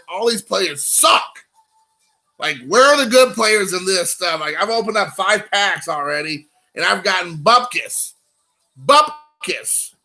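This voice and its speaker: A man's voice: high voice, creaky, sharp tone. A man in his forties hosting a casual card-collecting stream, joking and rambling at his chat viewers. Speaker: card-collecting show host.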